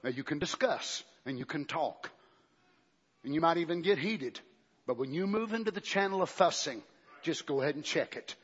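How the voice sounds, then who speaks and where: A male pastor preaching a fervent sermon in a church, swinging between shouting and hushed talk. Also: fairly high pitch, expressive, normal speed, slightly rough. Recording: dull recording with long hall reverb.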